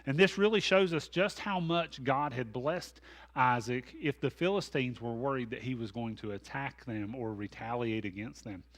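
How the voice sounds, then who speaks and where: A man's voice: mid-range voice, normal speed, fairly bright tone. Folksy pastor man teaching. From American South. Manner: folksy, conversational, with asides and self-deprecating humor. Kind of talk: Bible study teaching.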